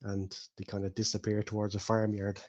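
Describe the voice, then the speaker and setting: A man's voice: on the low side, a little fast, highs cut off. A man running a tabletop game as dungeon master, narrating loosely and chuckling as he goes. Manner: relaxed, chuckling storyteller, leans on "kinda".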